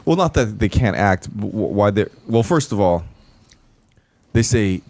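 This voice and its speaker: A man's voice: fairly low pitch, animated, unhurried, vocal fry, darkish tone. A man hosting a casual podcast chat, ranting animatedly and swearing often. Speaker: podcast host.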